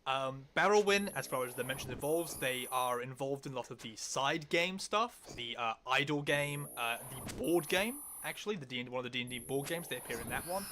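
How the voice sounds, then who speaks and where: A man's voice: medium pitch, expressive, a little fast, hardly any pauses, sharp tone, slight background noise. A man co-hosting a casual podcast, enthusiastically explaining fantasy lore with many "like"s. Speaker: podcast co-host.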